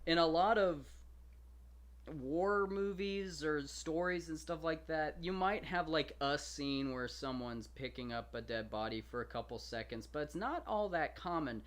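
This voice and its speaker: A young man hosting a show, casually and playfully retelling and commenting on an ancient epic, slipping into slangy voices for the characters. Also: mid-range voice. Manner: animated, jokey, paraphrases characters in slangy quoted voices. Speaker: podcast host reading and discussing a classic epic.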